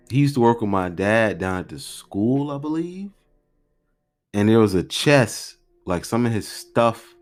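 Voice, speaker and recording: A man in his thirties hosting a podcast, telling stories in a rambling, slangy, animated way. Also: low voice. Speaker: podcast host. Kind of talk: casual storytelling podcast.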